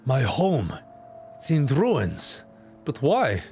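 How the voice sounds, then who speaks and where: A man's voice: mid-range voice, wildly swooping pitch, very slow, darkish tone, faint music behind, heavily acted. A man voicing an earnest young heroine in a game, talking emphatically and exclaiming. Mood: dismayed.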